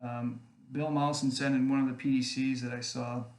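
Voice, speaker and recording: A man's voice: medium pitch, little pitch movement, brisk, darkish tone. A man rambling casually to camera, often checking in with "okay?" as he goes. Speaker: online group admin. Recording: echoey room, faint background noise.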